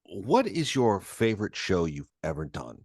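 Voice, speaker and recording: A man's voice: sits low, very animated, unhurried, creaky, a little mellow, slightly rough, dry recording, clean studio sound. A man hosting an interview, telling rambling anecdotes and laughing often. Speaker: podcast host. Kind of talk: casual interview chat.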